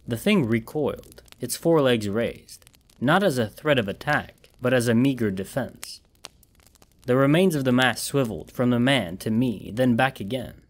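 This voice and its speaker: A man reads a horror story aloud in a measured, dramatic manner. His voice sits at a mid pitch, steady and even. He lets tension build through careful pacing. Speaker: audiobook narrator. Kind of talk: scripted horror narration.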